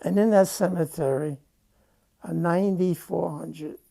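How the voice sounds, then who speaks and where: An older man giving a halting, emotional personal war testimony, repeating phrases as he recounts. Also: fairly high pitch, gravelly, warm tone.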